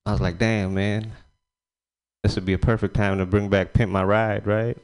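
Guy doing standup, smooth clear voice, rambly and crude. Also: on the low side, level tone, normal speed. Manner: loose, rambling, crude punchlines. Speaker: stand-up comedian. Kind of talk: stand-up set.

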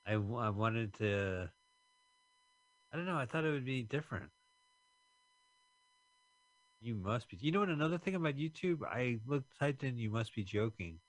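A man co-hosting a radio show, chatting casually and rambling with restarted sentences and deadpan asides. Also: medium pitch, a little fast, no room sound. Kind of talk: casual chat.

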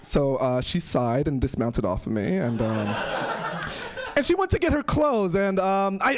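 Rambling young man doing stand-up. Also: animated. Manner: rambling, halting storyteller with many fillers and sudden high-pitched outbursts. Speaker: stand-up comedian. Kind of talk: stand-up comedy set.

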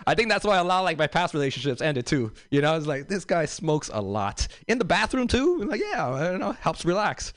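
A young stand-up comedian from South Central Los Angeles does a set with a loose, rambling delivery full of fillers and asides. His voice is on the high side and smooth, with no echo.

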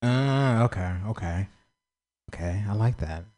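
A man on a comedy club stage, chatting with the crowd in a halting, hesitant way. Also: fairly low pitch, animated, darkish tone. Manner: halting, hesitant, full of restarts and pleading. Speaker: stand-up comedian asking the crowd for feedback. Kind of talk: casual crowd work on stage.

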